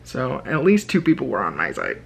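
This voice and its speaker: A young man tells a story from his bed at night, chatty and quick to laugh. He quotes other people in raised voices. The camera is handheld, with a faint hiss behind him. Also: medium pitch, huge pitch swings, gravelly. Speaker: vlogger, teacher. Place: bedroom at night. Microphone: handheld camera held overhead.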